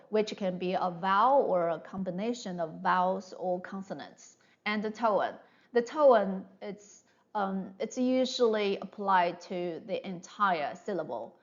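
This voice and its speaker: A woman's voice: medium pitch, muffled recording. A woman teaching Mandarin pronunciation in an online lesson. She explains patiently and drills each sound one by one.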